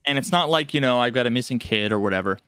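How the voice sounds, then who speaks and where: A man co-hosting a casual gaming podcast, telling a story with lively shifts and acting out game characters' lines. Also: mid-range voice, fast talker, no echo, clean studio sound. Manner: animated storyteller, acts out game dialogue in raised voices. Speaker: podcast co-host.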